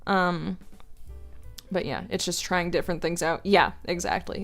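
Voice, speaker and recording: A woman's voice: lowish voice, unhurried, gravelly, a bit bright, faint music behind. A woman voice actress casually answering viewer questions, chatty and full of fillers. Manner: chatty, lots of filler words like "like" and "um". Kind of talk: casual Q&A advice.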